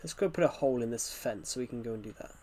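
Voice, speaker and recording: A young British gaming streamer talks very fast in a mellow, mid-range voice. He chats casually with viewers while playing, answering their questions as they pop up.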